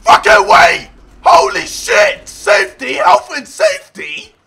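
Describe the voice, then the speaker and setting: A young man giving loud, profane gameplay commentary, shouting and yelping at the game. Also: very high voice, wildly swooping pitch, slow pace, gravelly, very noisy. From England. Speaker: gaming video creator.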